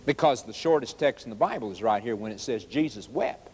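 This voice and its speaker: A man's voice: mid-range voice, lively intonation, fairly quick, a little mellow, husky, long reverb tail. A man preaching a sermon, quoting scripture aloud and asking his listeners rhetorical questions with emphatic force. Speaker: evangelist.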